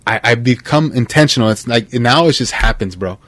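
A man hosting a podcast, talking in a casual, heartfelt and animated way, dropping "man" and "bro" constantly. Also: mid-range voice, fairly quick, dry recording. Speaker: podcast host.

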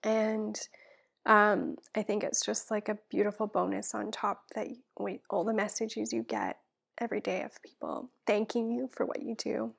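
A woman, a guest and children's pastor, praying aloud and speaking from the heart in an earnest, soft-spoken way that drifts into whispers. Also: medium pitch, lively intonation, moderate pace, creaky, husky. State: tearful and emotional. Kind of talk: spoken prayer and heartfelt chat.

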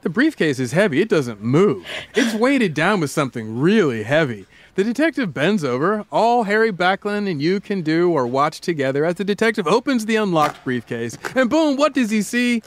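A man with a somewhat high voice hosts a casual podcast and tells a true-crime story. He is playful and theatrical, drawing scenes out slowly for effect. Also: big pitch swings. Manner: playful, dramatic storyteller with slowed scene narration. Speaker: podcast host.

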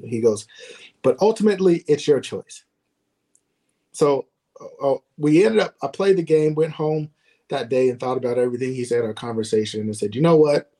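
A middle-aged man telling stories in casual podcast chat, relaxed and quick to laugh. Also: medium pitch. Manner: relaxed, chatty, laughs often, acts out quoted shouting. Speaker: podcast co-host, former ballplayer.

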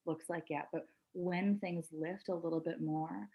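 A woman's voice: lowish voice, fairly even intonation, unhurried, gravelly, mellow, low-quality recording. A woman coach on a podcast, talking emphatically in casual chat, swearing and laughing often.

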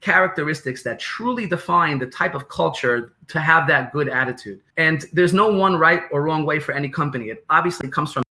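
A man with a New York accent, explaining business ideas as a podcast guest in an animated way, repeating phrases and acting out quotes. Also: a little high, brisk, hardly any pauses.

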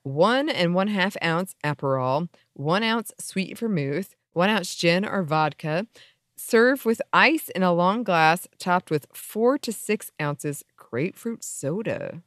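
A woman's voice: lowish voice, animated, fairly bright tone, dry recording, studio quality. A woman co-hosting a podcast, chatting casually over an internet call and giggling at jokes. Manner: giggly, drawn-out reactions. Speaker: podcast co-host. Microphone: home mic over internet call.

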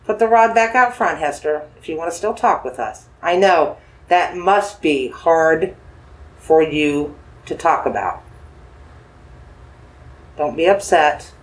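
Here a paranormal investigator questions a spirit gently through dowsing rods, sounding animated at a medium pitch. Phrases get repeated as the speaker coaxes, reassures, and asks slow yes-or-no questions.

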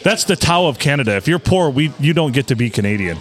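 A man's voice: mid-range voice, expressive, fast, faint music behind. A man co-hosting a casual podcast from a bar, joking around and laughing often. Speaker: podcast co-host. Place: bar on a Sunday night.

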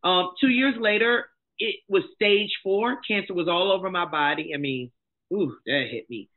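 A middle-aged woman, a life coach and motivational speaker, telling her own story as a guest, blunt and emphatic in a candid, animated way. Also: on the low side, moderate pace. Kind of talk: candid personal storytelling in conversation. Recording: tinny phone-like sound.

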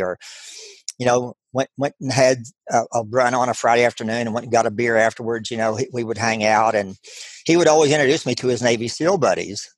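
A man's voice: mid-range voice, dry recording. Earnest Texan man, dry sound. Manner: halting, earnest, many restarts and fillers. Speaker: guest. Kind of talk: storytelling interview.

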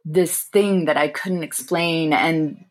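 Young adult woman, interview guest; slightly low pitch, thoughtful and warm, halting storytelling. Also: steady tone. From grew up in England, family from Sri Lanka. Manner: thoughtful, warm, laughs softly, frequent fillers. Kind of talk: reflective personal storytelling.

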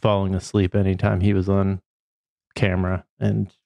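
A man's voice: deep voice, little pitch movement, normal speed, creaky, mellow, no echo. A man co-hosting a podcast in casual chat, wry and hesitant with many fillers. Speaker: podcast co-host.

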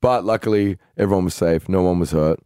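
Aussie guy, low voice, dry close mic, swearing through a story. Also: fairly quick, smooth, dry recording. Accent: Australian. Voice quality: swears freely, animated retelling. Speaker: podcast co-host. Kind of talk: casual storytelling chat.

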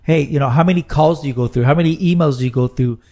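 A man's voice: fairly high pitch, fast talker, warm tone. A middle-aged man co-hosting a casual podcast chat, rambling and joking as he tells stories. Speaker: podcast co-host.

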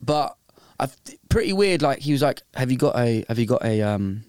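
Laid-back host, mid pitch, dry. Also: male voice, big pitch swings, normal speed, darkish tone, clear, resonant tone, no room sound. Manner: laid-back, rambling, laughs easily. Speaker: host of a phone-in show. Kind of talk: casual chat.

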